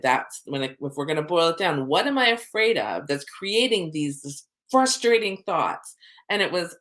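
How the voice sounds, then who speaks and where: A middle-aged woman, a soul coach, talking casually to camera and acting out her own inner thoughts in lively asides. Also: on the low side, normal speed.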